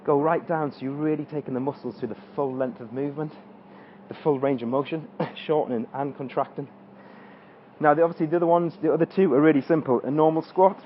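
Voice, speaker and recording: A man's voice: fairly high pitch, fairly even intonation, fairly quick, highs cut off, a little hiss or hum. A man coaching an exercise tutorial, talking through squats as he demonstrates them and straining during the reps. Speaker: fitness coach.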